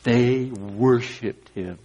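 A man preaching an Easter sermon as pastor, moving from quiet, deliberate emphasis to joyful exclamations. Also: medium pitch. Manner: swings from quiet emphasis to exuberant exclamations, briefly sings. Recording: long hall reverb.

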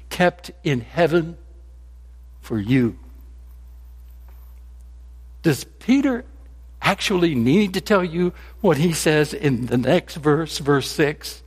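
Slow, husky preaching man in a hall. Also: mid-range voice. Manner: animated preaching with joke anecdotes. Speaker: pastor. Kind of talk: sermon. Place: church sanctuary. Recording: long reverb in a large hall.

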